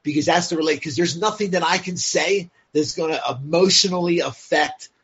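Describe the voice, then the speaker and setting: A man's voice: on the high side, a little fast, a bit bright, husky. A man guest telling his story candidly and bluntly, swearing freely and filling his speech with "like" and "you know". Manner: blunt and profane, many fillers like "like" and "you know". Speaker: podcast guest. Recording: dull lo-fi sound.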